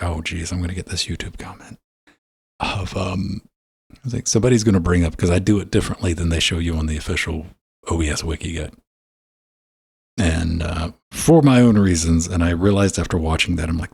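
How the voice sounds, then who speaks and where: A man's voice: sits low, creaky, darkish tone, husky, dry recording. A man hosting a casual gaming podcast, talking in a loose, rambling way full of fillers. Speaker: podcast host. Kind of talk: casual chat.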